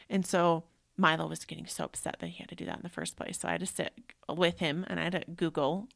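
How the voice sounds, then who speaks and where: A woman's voice: lowish voice, animated, fast talker, gravelly, dry recording, clean studio sound. A woman in her thirties who hosts a show and teaches yoga, telling a personal story in an emotional, rambling way and saying "like" often. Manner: emotional, rambling, frequent "like" fillers.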